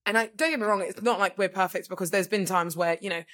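A woman's voice: medium pitch, quick pace, fairly bright tone. A woman co-hosting a podcast, chatting casually and rambling with lots of fillers. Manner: rambling, filler-heavy, says "like" constantly. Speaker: podcast co-host. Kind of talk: casual chat.

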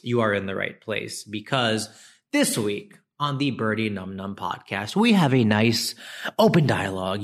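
A man's voice: fairly low pitch, vocal fry. A man with an Indian American accent hosting a casual solo podcast, chatty and joking with self-deprecating asides. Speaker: podcast host.

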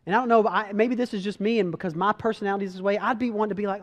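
A man preaching a sermon as a pastor, talking in a conversational, animated way with frequent restarts. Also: high-pitched, rapid-fire, few pauses, in a large hall.

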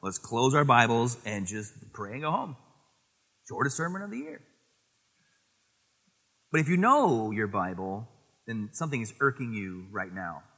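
A man preaching a sermon as pastor, lively and animated, quoting scripture and acting out little voices in his stories. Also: medium pitch, unhurried, pauses often, husky, big-room sound. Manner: animated, acts out voices in anecdotes, quotes scripture.

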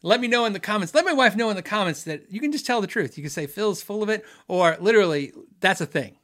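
A middle-aged man, a guitar tech hosting a podcast, chatting casually and joking with laughs, trailing off into low asides. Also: lively intonation, fast talker, fairly bright tone. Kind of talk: casual live-stream chat.

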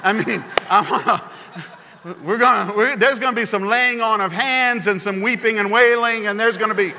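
A pastor preaching a sermon, telling stories in an animated way and repeating phrases for emphasis. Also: male voice, sits high, normal speed, a little hiss or hum. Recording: long hall reverb.

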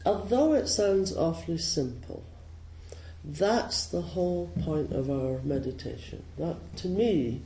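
A man with a Scottish accent, a Zen teacher giving a slow, gently humorous and reflective dharma talk. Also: on the high side, a little hiss or hum. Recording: roomy hall with faint ambience.

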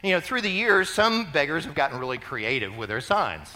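A man preaching a sermon as pastor, animated and conversational, bursting into shouts when he quotes the cries he is telling about. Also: on the high side, fairly quick. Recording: long reverb of a large hall.

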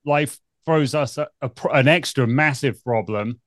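Brief: male podcast host, mid-pitched voice, relaxed and conversational, close dry recording. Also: normal speed, no room sound. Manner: relaxed, conversational, leading questions. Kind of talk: podcast interview.

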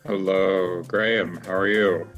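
Middle-aged man from Canada, very deep voice, wry slow storyteller, video call, faint music. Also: steady tone, highs cut off. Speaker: theater director, guest. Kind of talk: interview storytelling.

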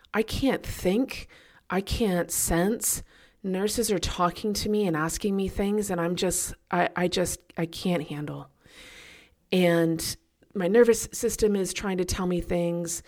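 A woman with a fairly low voice hosts a podcast and tells a personal story in a loose, chatty way. She keeps her delivery animated and laughs at herself as she talks. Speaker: podcast host.

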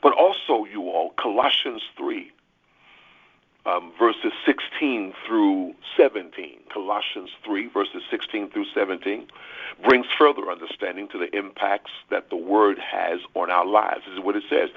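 A man's voice: fairly low pitch, lively intonation, unhurried, vocal fry, husky. A man preaching earnestly, stressing key words and repeating himself as he starts phrases. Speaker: pastor. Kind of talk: sermon on a prayer call. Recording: tinny phone line.

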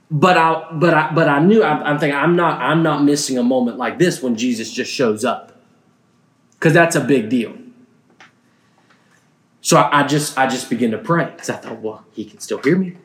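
An earnest male preacher delivers a sermon in a mid-pitched voice, neither high nor low. He speaks personally and often stumbles and restarts his phrases as he works through his thoughts. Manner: earnest, halting with frequent restarts.

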